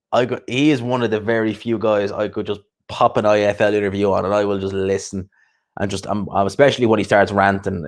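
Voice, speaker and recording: A man hosting a casual livestream chat, chatty and quick to laugh, often repeating himself and swearing. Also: fairly low pitch, gravelly. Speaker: host.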